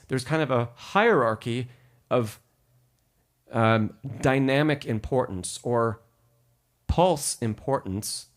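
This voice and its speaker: Teaching a live-stream piano lesson in a medium-pitched voice, a man patiently walks through rhythm, counts beats aloud, and fields questions from the chat.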